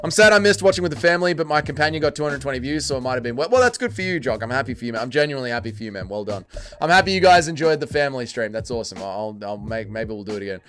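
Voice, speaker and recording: A man's voice: mid-range voice, expressive, racing, fairly bright tone, a little hiss or hum. A man hosting a livestream, reading chat aloud and joking crudely. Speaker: livestream host.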